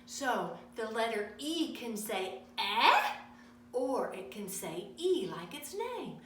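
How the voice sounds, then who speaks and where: A woman teacher reading stories aloud to young children in a sing-song, animated way. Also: on the high side, slow. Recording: echoey room, from far off, faint noise.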